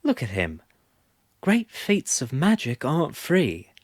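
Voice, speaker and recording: A man's voice: medium pitch, huge pitch swings, slow pace, dry recording, studio quality, voice pushed up, exaggerated voice. A man playing a fierce, indignant young woman. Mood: heated. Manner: heated, insistent.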